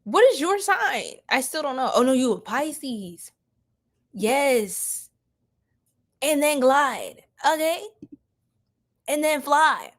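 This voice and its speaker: Giggly slow-talking young woman reader. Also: sits high, very animated. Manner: giggly, slangy, chatting to viewers. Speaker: tarot reader livestreaming. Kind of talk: casual livestream tarot reading.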